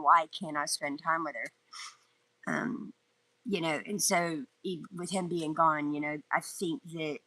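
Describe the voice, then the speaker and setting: A woman's voice: on the low side, sharp tone, poor audio. A woman from North Georgia gives a casual, rambling live tarot reading outdoors in the wind, laughing often. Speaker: tarot reader.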